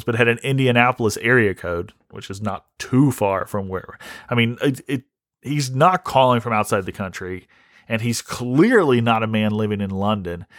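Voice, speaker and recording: A man's voice: medium pitch, a bit bright, no echo. Guy ranting on his comedy podcast, swears a lot, keeps restarting, dry close mic. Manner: rambling, profane, restarts a lot. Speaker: podcast host. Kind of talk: casual comedic rant.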